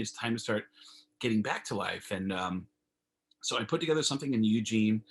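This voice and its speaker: A man, a comedian guest on a video call, telling stories in a casual, animated way and acting out phone calls. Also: on the low side, husky. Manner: animated storyteller, acts out phone calls in raised voices.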